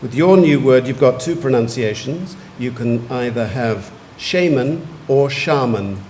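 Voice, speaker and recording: A man, pronouncing words clearly and giving short definitions at a spelling competition. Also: medium pitch, dark tone, a little hiss or hum. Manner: measured, repeats each word clearly and gives brief definitions. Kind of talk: formal word pronouncing at a competition. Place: large museum hall.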